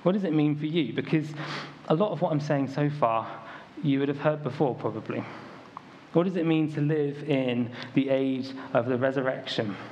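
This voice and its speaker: A man's voice: on the high side, moderate pace, a little mellow. A young man from the United Kingdom preaching a sermon to a church congregation in a casual, storytelling way, full of ums and likes. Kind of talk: conversational sermon. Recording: dull lo-fi recording, faint ambient noise.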